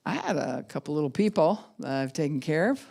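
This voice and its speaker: A middle-aged woman pastor giving a sermon, animated and acting out the voices of the people she quotes. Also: low voice, fairly quick, vocal fry. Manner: animated, acts out quoted voices of kids and adults.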